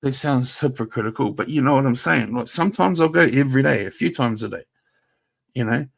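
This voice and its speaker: A man's voice: medium pitch, lively intonation, a little fast, vocal fry, fairly bright tone. Male streamer mid-rant: confrontational, needling, foul-mouthed, speaks to his rival directly. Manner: confrontational, taunting, profane; talks straight at a rival, repeats himself. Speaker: YouTube livestreamer. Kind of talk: livestream rant.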